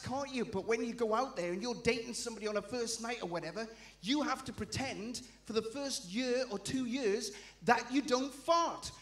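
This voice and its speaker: A man's voice: very high-pitched, fairly bright tone, roomy sound. A man with a Geordie accent doing a stand-up comedy set, chatty and self-deprecating, bantering with the crowd. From Newcastle, England. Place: live comedy venue.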